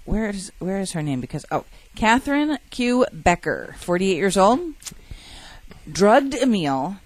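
A woman's voice: medium pitch, very animated, unhurried. A woman co-hosting a podcast, chatting wryly and reading out odd news stories. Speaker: podcast co-host.

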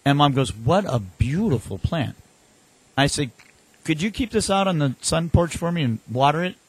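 Animated storytelling man, dry close sound. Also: fairly high pitch, a little fast, no echo. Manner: animated anecdotes with acted-out quotes. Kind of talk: casual storytelling chat.

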